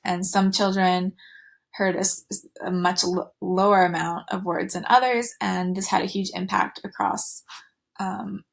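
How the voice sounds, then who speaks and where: A woman's voice: mid-range voice, steady tone, measured pace, gravelly. A woman teaching a recorded slide lecture, with fillers and restarts, going sing-song when she models talk to children.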